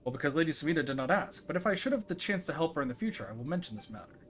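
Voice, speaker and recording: A polite, earnest young craftsman, read by a streamer in a lowered voice speaks in a formal, measured way. His tone stays even and respectful. Game music hums faintly behind.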